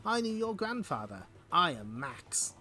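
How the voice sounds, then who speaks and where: A man voicing a calm, wise elderly male warrior leader, speaking slow and measured. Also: high voice, full character voice. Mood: solemn.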